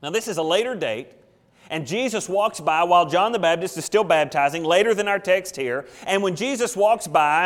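A male pastor preaching an emphatic sermon, asking questions and acting out quotes. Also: high voice. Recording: long hall reverb.

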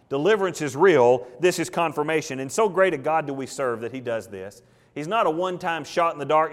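A man's voice: a little high, expressive, brisk. A male pastor preaching an expository sermon, talking conversationally, questioning his congregation and acting out what biblical figures might have thought. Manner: acts out biblical figures' thoughts in quoted voices.

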